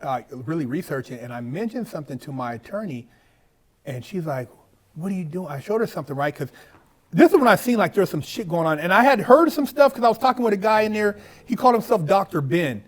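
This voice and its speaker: Animated, high-voiced man telling prison stories. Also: fast. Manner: profane, animated, acts out other people's lines. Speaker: podcast guest. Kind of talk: casual storytelling conversation.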